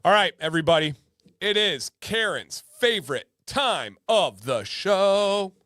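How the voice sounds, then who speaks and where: A man's voice: high-pitched, lively intonation, measured pace, pushed and bright, dry recording, studio quality. A man hosting a casual livestream, playful and joking, often repeating his lines for laughs. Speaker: livestream host.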